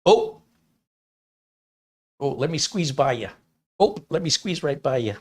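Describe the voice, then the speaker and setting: A man's voice: mid-range voice, sing-song, moderate pace, breathy edge, voice pushed up. A man imitating a cheerful, polite Upper Midwest local with a Wisconsin accent, in a sing-song manner. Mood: folksy.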